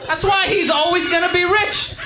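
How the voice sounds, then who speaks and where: A man's voice: very high-pitched, steady tone, normal speed. Self-mocking male stand-up comic, echoey club. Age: 30s. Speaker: stand-up comedian. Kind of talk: stand-up comedy. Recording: echoey club with crowd laughter and noise.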